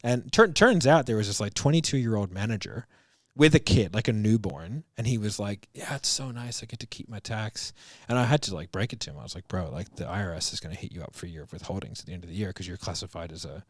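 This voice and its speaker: A man's voice: on the low side, animated, fast, dry recording, studio quality. A man in his thirties telling stories in casual chat, swearing often, laughing through them and acting out what people said. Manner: fillers like "like" and "bro", acts out quotes. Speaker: business coach and podcast guest.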